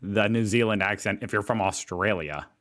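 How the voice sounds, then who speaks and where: A man's voice: on the low side, normal speed, fairly bright tone. A man from Indiana, casually reacting to a video and thinking aloud with hesitant restarts. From Indiana, USA.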